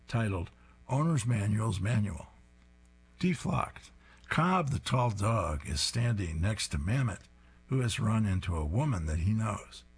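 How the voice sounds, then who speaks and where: A man reading comic strips aloud, describing each panel with an amused tone. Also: fairly low pitch. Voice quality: husky.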